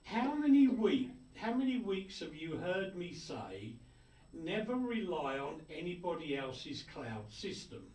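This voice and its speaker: Jokey man hosting with lively pitch. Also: a little slow. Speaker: radio show host. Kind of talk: casual on-air chat, reading listener messages. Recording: roomy, distant mic with faint noise.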